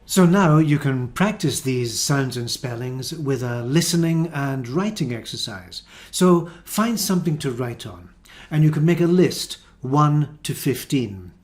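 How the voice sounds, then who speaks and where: A male English teacher leading a pronunciation lesson, saying each word slowly and distinctly. His pitch sits in an ordinary middle range, and he talks at an unhurried, measured pace. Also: animated. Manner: deliberate, enunciates minimal word pairs. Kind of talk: slow, careful pronunciation lesson.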